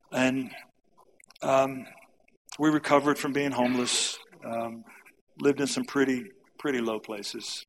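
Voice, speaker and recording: A man's voice: medium pitch, a bit bright, a little hiss or hum, low-quality recording. A middle-aged man from the United States, a camp speaker giving a personal testimony talk and briefly acting out the lines of people in his story.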